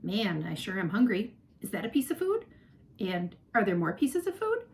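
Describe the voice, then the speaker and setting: A woman's voice: medium pitch, huge pitch swings, normal speed, darkish tone. A woman reading aloud, voicing a simple-minded male squirrel whose only thought is food. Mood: hungry. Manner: plain and food-obsessed.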